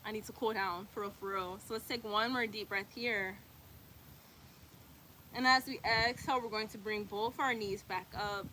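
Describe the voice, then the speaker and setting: Bright-voiced, winded woman yoga teacher. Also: medium pitch, fairly even intonation, normal speed, a little hiss or hum. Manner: encouraging, talks while doing the poses, casual slang. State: out of breath. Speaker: yoga instructor. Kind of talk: guided yoga class with breath cues.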